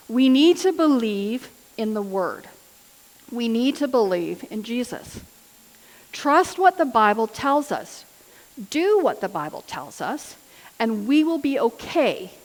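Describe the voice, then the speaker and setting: A woman giving a sermon in an earnest, personal storytelling manner. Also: fairly high pitch. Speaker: lay preacher. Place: church hall. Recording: church hall with long reverb.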